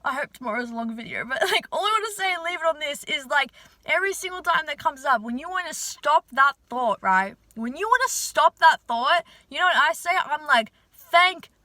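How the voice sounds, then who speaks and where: A young woman with a high, bright voice talks straight to her viewers in a loose, filler-packed vlog chat, swearing casually and hyping them up. The sound is close and dry, with no room around her. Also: expressive, fairly quick, dry recording. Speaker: manifestation vlogger.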